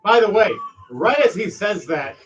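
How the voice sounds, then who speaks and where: A man narrating as game master for a tabletop game, dramatic and animated. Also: high voice, normal speed, lo-fi sound, a crowd in the background.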